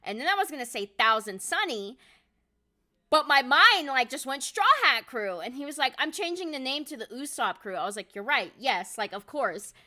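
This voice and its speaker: A young adult woman chatting casually on a live stream, excitable and quick to swear and laugh. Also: high-pitched.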